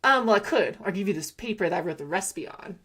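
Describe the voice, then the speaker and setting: A woman's voice: mid-range voice, lively intonation, fast, a bit bright, husky. A young woman from California with a Valley Girl accent, chatting casually on a live gameplay stream, rambling with lots of fillers, giggles and self-corrections.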